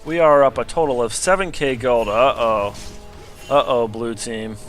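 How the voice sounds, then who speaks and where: A young man casually commentating a replay of his own match, getting excitable at big plays. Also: medium pitch, unhurried, soft background music. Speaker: gameplay commentator.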